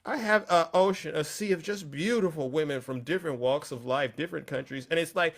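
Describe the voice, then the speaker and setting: A young man hosting a livestream, talking in a boastful, animated way and sometimes shouting. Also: on the high side, fairly quick, creaky. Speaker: livestream host. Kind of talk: livestream talk.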